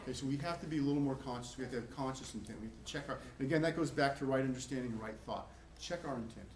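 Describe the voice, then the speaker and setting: A middle-aged man lecturing a college class in a conversational way, repeating himself and acting out quick voices. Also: mid-range voice. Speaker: professor. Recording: echoey classroom with faint noise.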